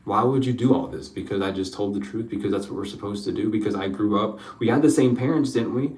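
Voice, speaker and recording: A man's voice: on the low side, fast talker, a little mellow, reverberant, recorded from a distance, poor audio. A man giving an emotional spiritual reading, rambling, repeating his questions and swearing freely. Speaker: spiritual card reader.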